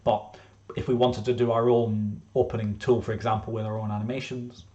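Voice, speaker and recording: A man's voice: fairly low pitch, flat delivery, fairly quick, mellow. Rambling man with a dull lo-fi sound. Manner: rambling, many fillers and restarts. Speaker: game developer presenting his game. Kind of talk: casual presentation.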